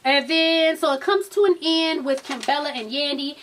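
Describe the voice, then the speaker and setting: Sassy high-voiced woman gossiping from across the room. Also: normal speed, fairly bright tone, recorded from a distance, slight background noise. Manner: sassy, profane, drawls, quotes people in raised voices. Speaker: vlogger recapping a reality show. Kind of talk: casual gossip recap.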